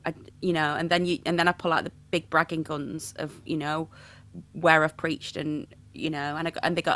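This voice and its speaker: Animated regional English woman priest. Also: deep voice, fairly quick. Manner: playful, animated storytelling. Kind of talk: conversational interview.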